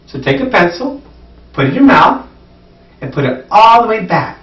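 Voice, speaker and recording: A man teaching English pronunciation, saying words slowly for listeners to repeat and praising them. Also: sits high, very animated, a bit bright, recorded from a distance. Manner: encouraging, repeats words slowly for learners to echo. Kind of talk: pronunciation drill lesson.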